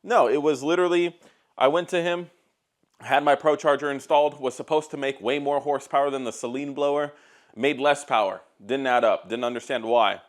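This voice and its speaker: A man's voice: medium pitch, a little fast. A man who makes car videos, ranting casually to camera in a blunt, profane, exasperated storytelling style. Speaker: car YouTuber.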